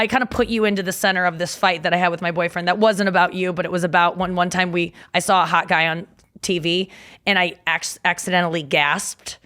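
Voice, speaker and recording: A woman with a lowish, slightly bright voice chats as a comedian guest on a studio podcast. Her story rambles along with plenty of fillers and frequent laughter, in a casual podcast setting.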